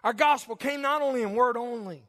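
A man's voice: very high-pitched, fairly quick, bright, forceful tone, long reverb tail. A man preaching a sermon as pastor, emphatic with call-and-response and jokes, in a church sanctuary.

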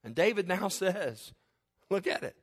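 A man's voice: high voice, expressive, unhurried. Fervent preacher man, rising and falling. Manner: fervent, swings from soft to loud, with chuckles. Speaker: pastor. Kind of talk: sermon.

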